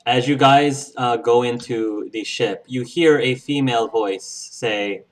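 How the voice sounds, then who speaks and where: Relaxed male game master. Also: mid-range voice, unhurried, hardly any pauses. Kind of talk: narrating a tabletop game.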